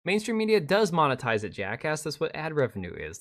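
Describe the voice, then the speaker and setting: A man's voice: a little high, huge pitch swings, a little fast. A man streaming a reaction to a video, talking sarcastically, swearing and mocking the speaker in whiny quotes. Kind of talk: live stream reaction commentary.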